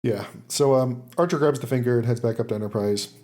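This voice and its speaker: Summing up the episode as a podcast co-host, this man talks fast at a medium pitch with a darkish tone. It's casual chat, loose with fillers and laughter.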